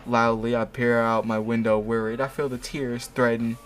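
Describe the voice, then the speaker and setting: Guy reading cringe fanfic out loud, cracks jokes, laughs, trips over words, average pitch. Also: little pitch movement, normal speed, soft background music. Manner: mocking asides, laughs often, stumbles over words. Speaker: host.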